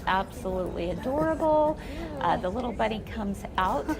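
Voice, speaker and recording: Chatty, animated woman host. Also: mid-range voice, moderate pace, a crowd in the background. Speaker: quilt shop show host. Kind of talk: casual chat.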